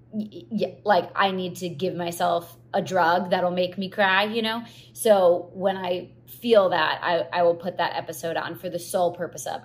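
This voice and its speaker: A woman hosting her own podcast in a casual, chatty solo talk, full of "like" and restarts, getting teary as she tells it. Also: lowish voice. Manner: chatty, filler-heavy, gets teary and laughs at herself. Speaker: podcast host.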